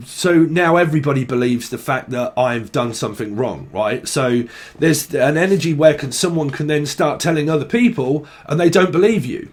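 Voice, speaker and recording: A man's voice: on the high side, expressive, normal speed. A young man giving a casual tarot reading, rambling and swearing as he thinks aloud. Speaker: tarot reader.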